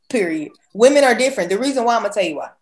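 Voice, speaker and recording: A woman's voice: mid-range voice, animated, quick pace, a little mellow. A woman co-hosting a casual podcast, giving emphatic opinions in loose slang. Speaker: podcast co-host.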